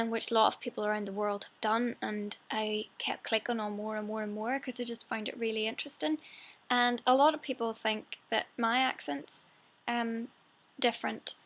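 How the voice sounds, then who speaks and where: A woman's voice: on the high side, fairly bright tone, rough recording. A young woman from Coleraine with a Northern Irish accent, chatting casually and reading out a word list for an accent-tag vlog. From Northern Ireland. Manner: chatty, self-deprecating, drops her T's. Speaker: vlogger.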